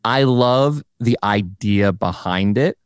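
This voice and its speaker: A man's voice: fairly low pitch, clear, resonant tone, no echo, studio quality. A man hosting a podcast, chatting with enthusiasm and eagerly agreeing with his guest. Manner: enthusiastic and agreeable, quick to affirm. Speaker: podcast host. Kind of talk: casual interview chat.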